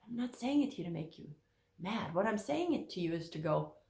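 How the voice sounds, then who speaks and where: A woman's voice: fairly low pitch, a little fast, creaky. Emphatic woman therapist, echoey room. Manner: emphatic, animated, repeats key points. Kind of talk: direct-to-camera talk.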